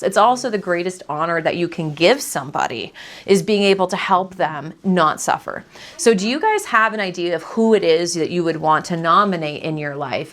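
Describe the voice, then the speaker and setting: A woman estate planning lawyer giving a community seminar talk, in a conversational storytelling manner. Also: on the low side.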